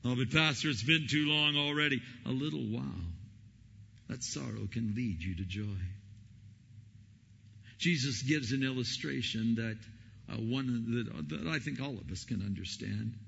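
A man preaching a sermon as pastor, telling stories and acting out the quotes with lively energy. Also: mid-range voice, normal speed, gravelly, slightly rough. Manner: animated storytelling, acting out quotes. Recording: lo-fi recording in a reverberant hall.

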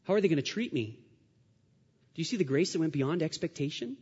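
A male pastor preaching a sermon, earnest and repetitive, building his phrases up to loud, emphatic rises. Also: a little high, expressive, brisk, pauses often, husky. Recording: dull sound with long hall reverb.

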